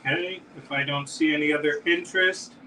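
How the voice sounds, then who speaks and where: A man's voice: fairly high pitch, steady tone, brisk, bright, forceful tone, far from the mic, a little hiss or hum, rough recording. A man hosting a live-stream jewelry auction, chatting as he describes pieces and calls out bids. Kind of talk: live auction selling chat.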